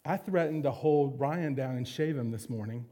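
A man's voice: mid-range voice, moderate pace, warm tone. A man preaching a sermon as a pastor, candid and confessional with self-deprecating humor.

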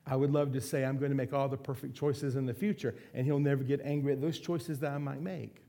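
A middle-aged male pastor delivering a sermon in an earnest way. His voice is dark and mellow with a gravelly edge. He often slows down and drops to a soft, quiet tone to let a point sink in. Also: mid-range voice, level tone. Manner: earnest, slows and softens for emphasis.

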